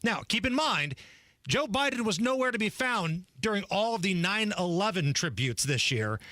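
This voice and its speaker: High, bright-voiced sarcastic radio host. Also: male voice, very animated, moderate pace, no echo, clean studio sound. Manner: sarcastic, emphatic ranting. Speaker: radio talk show co-host. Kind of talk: political talk radio banter. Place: radio studio. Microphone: studio microphone.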